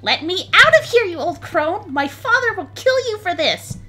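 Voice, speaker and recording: Bratty little girl for a tabletop game; very high and loud, shrill and yelling. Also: sing-song, normal speed, faint music behind, heavily acted. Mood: defiant. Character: bratty defiant little girl held captive.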